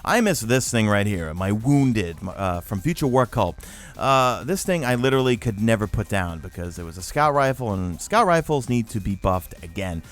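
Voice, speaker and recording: Animated fast-talking man from New York. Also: lowish voice, faint music behind. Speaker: YouTube gaming host. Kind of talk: casual Q&A chat.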